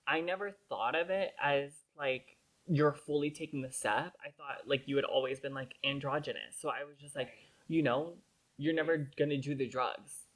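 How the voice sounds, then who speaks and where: Low-pitched and speaking at normal speed, she comes through a low-quality recording. As a young podcast co-host, she recounts a story with rambling, dramatic flair, peppering it with "like" and "literally."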